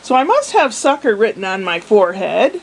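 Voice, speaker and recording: A woman's voice: mid-range voice, sing-song, moderate pace, breathy edge, poor audio. An older woman in a casual video diary, chatty and meandering, with a self-deprecating manner. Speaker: vlogger.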